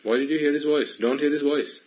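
A husky male voice in a dull, lo-fi recording. He teaches Buddhist ideas to a small group, pressing his listeners with playful, teasing questions. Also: on the high side, steady tone, a little fast. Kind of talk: Dhamma talk to a small group.

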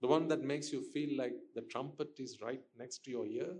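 A man's voice: mid-range voice, normal speed, warm tone. A man giving a Buddhist dharma talk to listeners, questioning them and repeating his points for emphasis. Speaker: Buddhist teacher.

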